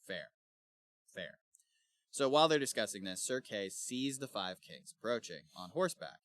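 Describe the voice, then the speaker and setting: A man co-hosting a book club podcast, casually retelling the story in an animated way and slipping into quick character voices. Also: lowish voice, no echo, studio quality. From Missouri, USA. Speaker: podcast co-host.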